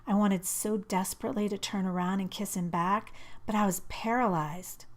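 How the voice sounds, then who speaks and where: A woman narrating a first-person novel as an audiobook, in an intimate, measured and expressive reading. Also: mid-range voice.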